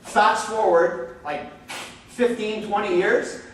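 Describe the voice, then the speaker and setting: Brief: middle-aged man, light high voice, animated joking speaker, echoey room from far off. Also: slow pace, a little hiss or hum. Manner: animated, joking, many "okay?" and "like". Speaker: speaker at a church marriage talk. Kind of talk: relaxed storytelling talk. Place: church hall.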